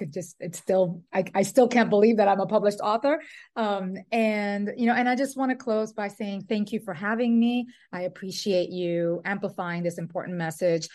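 A woman's voice: mid-range voice, a little mellow. Earnest woman guest speaking thoughtfully. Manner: earnest, thoughtful, with frequent restarts. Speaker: guest author. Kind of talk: conversational interview.

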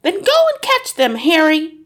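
A woman's voice: sing-song, a little slow, fairly bright tone, heavily acted. A woman voicing a panicky middle-aged mother who hisses and shrieks in fright. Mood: panicked. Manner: shrill, frantic hissing and shrieking.

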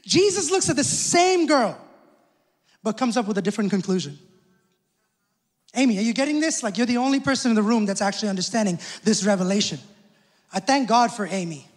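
High-voiced man preaching in a reverberant hall. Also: lively intonation, brisk, long pauses. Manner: emphatic preaching with call-outs to the congregation. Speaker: pastor. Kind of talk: sermon. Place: church hall. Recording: long church hall reverb.

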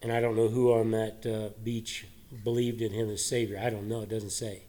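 A man preaching a sermon, earnest, lifting his voice for emphasis and dropping it low for quieter reflection. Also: flat delivery, normal speed. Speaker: pastor.

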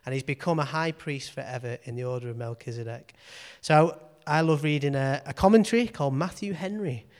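Earnest man preaching, clear voice. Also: mid-range voice, brisk, hardly any pauses. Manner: earnest, repeats phrases, frequent "okay". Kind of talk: informal sermon. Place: church meeting room.

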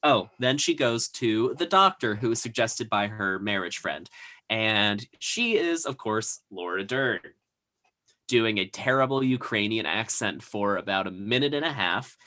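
A man's voice: fairly low pitch, animated, a little slow, pushed and bright. A man co-hosting a podcast, casually recapping a TV episode with lots of fillers and asides. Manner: rambling, filler-heavy retelling. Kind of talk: casual chat.

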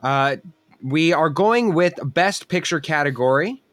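A man's voice: a little high, lively intonation, unhurried, a bit bright. A man hosting a casual panel discussion, hesitant and restarting his sentences often. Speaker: host.

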